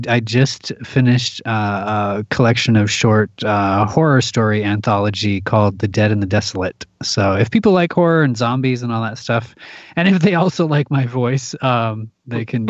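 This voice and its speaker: A man chatting as a guest in a casual podcast, an animated storyteller who often restarts his sentences. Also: medium pitch, no room sound, highs cut off. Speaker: guest, voice actor.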